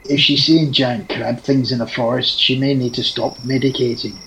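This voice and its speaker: A man's voice: medium pitch, fairly even intonation, normal speed, fairly bright tone, a little hiss or hum, close to an everyday voice, low-quality recording. A man voicing Zibby, a wry male adventurer who jokes dryly in a tabletop role-play. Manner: dry, teasing humor, skeptical.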